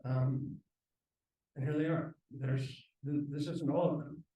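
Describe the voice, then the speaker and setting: A man giving a slideshow lecture at a university, relaxed and halting, with frequent ums and restarts. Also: a little high. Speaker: guest lecturer. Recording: echoey lecture room from far off.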